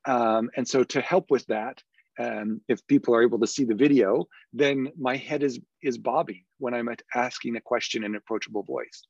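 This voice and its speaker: A man's voice: medium pitch, steady tone, normal speed, creaky, slightly rough, no room sound, muffled recording. A man, a podcast guest and education consultant, explaining earnestly in a conversational interview. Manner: earnest, explanatory, demonstrates tones of voice.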